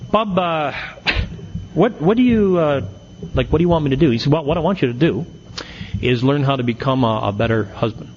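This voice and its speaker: A man's voice: on the high side, lively intonation, fairly quick, highs cut off, slight background noise. A middle-aged man giving a humorous recovery talk, telling stories and acting out the quotes. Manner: storytelling with punchlines, acts out quotes. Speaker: AA speaker.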